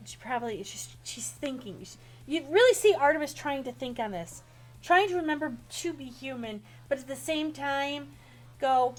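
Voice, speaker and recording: Game master, woman, fairly high voice, faint music behind, animated narration. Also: moderate pace. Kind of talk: narrating a tabletop role-play.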